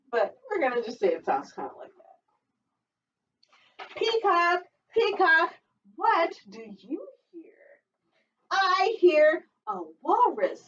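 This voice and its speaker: A young woman librarian reading a picture book aloud for a children's storytime in a lively sing-song way, often laughing. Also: high-pitched. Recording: distant dull mic in a room.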